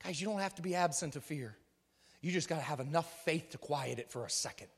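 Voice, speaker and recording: A male preacher delivering a sermon emphatically, often raising his voice to a shout. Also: fairly high pitch, a little fast, breathy edge. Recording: reverberant hall.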